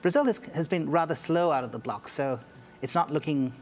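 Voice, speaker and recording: Measured male journalist giving analysis. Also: on the high side. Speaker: journalist guest. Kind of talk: studio interview.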